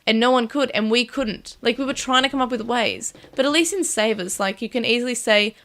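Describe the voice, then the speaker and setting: A woman co-hosting a podcast in casual chat, animated and quick to slip into silly character voices. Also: a little high. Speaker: podcast co-host.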